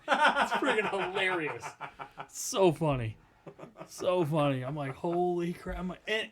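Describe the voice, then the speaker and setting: A man co-hosting a casual podcast, telling a story with lively acted-out quotes and laughing as he talks. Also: a little high. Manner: animated storyteller, acts out quotes, laughs while talking. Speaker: podcast co-host.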